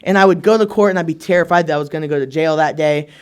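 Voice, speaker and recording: A young man with a slightly higher-than-usual voice tells his story to a live recovery meeting. He talks casually and leans on fillers. He jokes at his own expense and slips into other people's voices when he recounts what they said. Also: very fast, smooth. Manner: casual and chatty, many fillers like "like" and "right?"; acts out remembered conversations with shifts in tone. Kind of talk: personal testimony told to a live audience.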